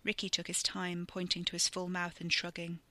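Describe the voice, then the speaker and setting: A storyteller reading a fantasy chapter as scripted narration, vivid and steady. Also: mid-range voice, normal speed, no echo.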